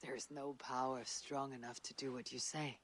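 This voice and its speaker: A man's voice: mid-range voice, level tone, normal speed, a bit bright, a little hiss or hum, close to an everyday voice. An actor playing a blunt, loyal male Viking leader who speaks firmly in a video game. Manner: firm, blunt.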